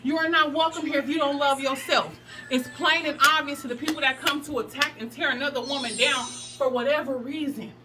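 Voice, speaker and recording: Brief: emphatic, breathless woman hosting a workout vlog, high-pitched, recorded at a distance over clear music. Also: steady tone, fairly quick. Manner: sassy, preachy, emphatic, laughs often. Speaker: plus-size fitness vlogger. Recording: distant mic with music behind.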